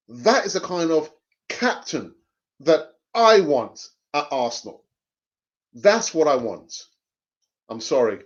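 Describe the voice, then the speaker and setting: A man hosting a live fan stream, reading viewer comments and arguing his views with passion, often repeating phrases for emphasis. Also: a little high. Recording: dull lo-fi stream audio.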